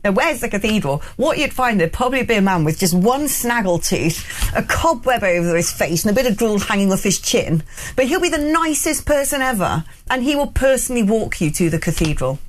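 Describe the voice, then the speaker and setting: A woman's voice: on the high side, big pitch swings, fairly quick. A woman from Gloucester, hosting a talk radio show in a chatty, jokey way. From England, Gloucester. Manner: chatty, jokey, laughs often. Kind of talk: casual chat on air.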